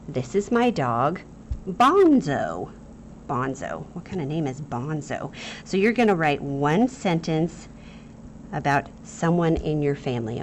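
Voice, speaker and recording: Lively, playful woman teacher, low voice. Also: a little hiss or hum. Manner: playful, jokey, talks straight to the pupils. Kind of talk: recorded grammar lesson for children.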